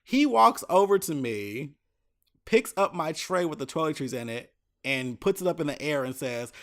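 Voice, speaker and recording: A man's voice: fairly high pitch, animated, moderate pace, fairly bright tone. Profane man telling a travel story. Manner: profane, exasperated anecdote telling with many asides. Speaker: podcast host. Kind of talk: casual solo podcast storytelling.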